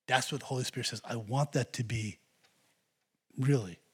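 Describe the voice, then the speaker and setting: A man's voice: mid-range voice, normal speed, fairly bright tone, husky. A man preaching a sermon as pastor, earnestly exhorting the congregation.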